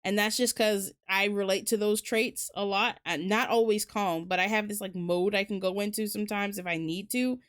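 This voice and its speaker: A woman's voice: medium pitch, fairly even intonation, normal speed, few pauses. A woman streamer hosting a casual book talk, rambling candidly with lots of fillers and the odd swear word. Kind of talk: casual chat.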